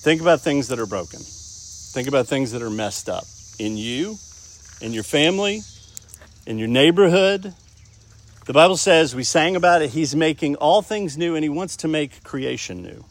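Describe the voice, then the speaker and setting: Lively pastor preaching. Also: male voice, on the high side, normal speed, a little hiss or hum. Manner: conversational preaching, quizzing the congregation. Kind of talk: sermon.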